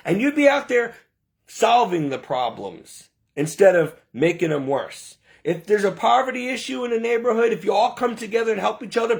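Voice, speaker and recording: A man's voice: high-pitched, gravelly. A man delivering an impassioned, preachy monologue, indignant and full of rhetorical questions.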